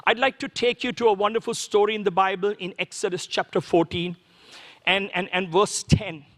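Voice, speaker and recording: A man's voice: high voice, steady tone, moderate pace, fairly bright tone, big-room sound. A man preaching a sermon as a pastor, in a conversational way full of rhetorical questions. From Sri Lanka.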